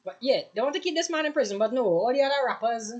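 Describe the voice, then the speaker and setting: A man's voice: very high-pitched, expressive, fast talker. A tired young man hosting a reaction video, rambling in casual commentary after too much coffee. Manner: rambling, restarts often, over-caffeinated. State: tired, short on rest.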